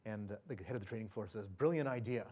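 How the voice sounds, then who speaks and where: A guest at an event shares a personal story with the audience, chatty and full of fillers, restarts and chuckles. He speaks fast, with a fairly low, slightly mellow voice.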